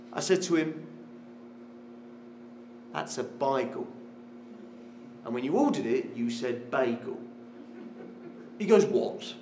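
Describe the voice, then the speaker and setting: A man's voice: on the high side, a little hiss or hum. A man performing a theatrical storytelling monologue on stage, acting out dialogue and chanting refrains. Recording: roomy hall with live music.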